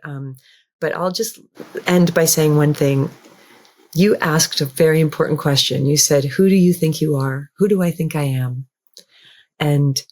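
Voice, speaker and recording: A woman guest on an interview podcast, speaking in a gentle, affirming way and repeating phrases for emphasis. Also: low-pitched. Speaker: guest author.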